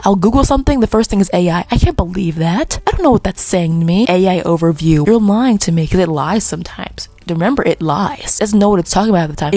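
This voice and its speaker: A woman's voice: mid-range voice, dark tone, no echo. A young woman talking casually to her camera in a vlog, giggling often and drifting off on rambling tangents. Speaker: vlogger. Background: faint background music.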